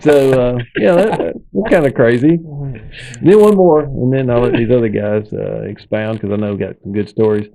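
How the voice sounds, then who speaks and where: A man, hosting and telling stories in a lively, casual way and acting out the people in them. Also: medium pitch, moderate pace, gravelly, low-quality recording. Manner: animated storyteller, acts out quoted people. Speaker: podcast host. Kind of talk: casual storytelling.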